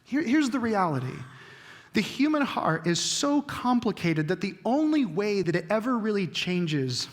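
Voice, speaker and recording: A man's voice: sits high, big pitch swings, a little slow, in a large hall. A man preaching a sermon as the pastor, earnest, with frequent restarts and jokey asides. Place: church sanctuary.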